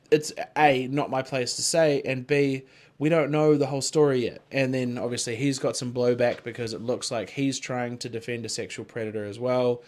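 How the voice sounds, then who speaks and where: A man talking loosely on a podcast, mid-pitched and rambling. He swears freely and leans on "like" and "you know" while he chats. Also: steady tone, moderate pace. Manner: rambling, swears freely, frequent filler words. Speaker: podcast co-host. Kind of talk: casual chat.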